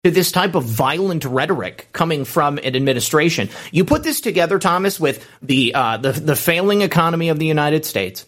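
A man hosts a political commentary show, speaking emphatically and driving each point home with a clipped "okay." His voice sits a bit higher than most men's. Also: lively intonation, fairly quick, hardly any pauses, a bit bright. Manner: emphatic, repeats "okay" and "all right".

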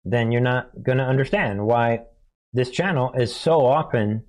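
A middle-aged man hosts his own political commentary show, speaking casually and straight to his viewers. His delivery is animated, with frequent chuckles and repeated calls to "folks". His voice sits at an ordinary pitch for a man. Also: moderate pace. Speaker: political commentary channel host.

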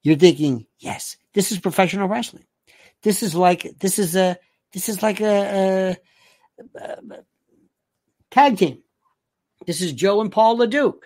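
A man's voice: high-pitched, unhurried, pauses often, a little mellow, dry recording. A man in his sixties rambling through a movie memory, acting out quoted lines as he goes. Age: 60s. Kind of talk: casual storytelling monologue.

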